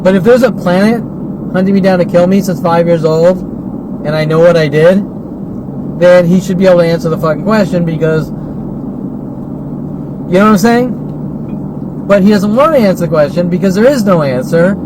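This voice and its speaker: A man's voice: sits high, a little fast. A man in his forties in an agitated, repetitive monologue full of rhetorical questions, recorded while driving. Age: 40s. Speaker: vlogger. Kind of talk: ranting monologue. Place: in a driving car. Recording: noisy car recording.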